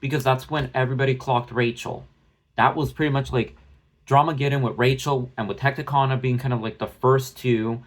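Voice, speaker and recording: This drama commentary vlogger's mid-range voice stays fairly even in intonation while moving fairly quickly. Talking into his phone, he rants about an online creator in blunt, profane, rambling fashion.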